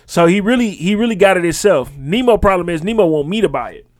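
Man in his thirties, high voice, dry close sound, casual podcast storyteller. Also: expressive, quick pace, no echo. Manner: storytelling, acting out quotes of his kids and friends. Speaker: podcast co-host. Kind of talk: casual chat.

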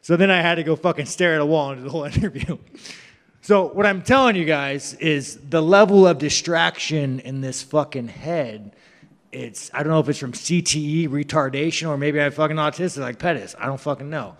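Brash male fighter, profane and rambling, voice a bit high, reverberant hall. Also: a little fast. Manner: profane, rambling, mocking banter. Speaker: professional fighter. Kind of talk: media scrum answers. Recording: reverberant room.

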